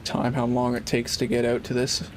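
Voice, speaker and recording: A man's voice: medium pitch, completely flat delivery, normal speed, slight background noise. A young man chatting casually while streaming a game, rambling and laid-back, swearing freely. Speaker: live streamer. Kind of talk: casual gaming livestream chat.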